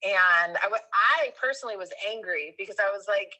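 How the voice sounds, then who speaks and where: A woman in her thirties, a guest telling a personal story in a casual, animated way, rambling with fillers and correcting herself. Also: mid-range voice, brisk, rough recording.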